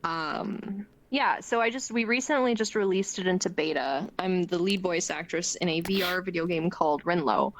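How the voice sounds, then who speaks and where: A woman's voice: fairly low pitch, normal speed, few pauses. A woman, a voice actress guest on a casual interview show, chatty and playfully joking.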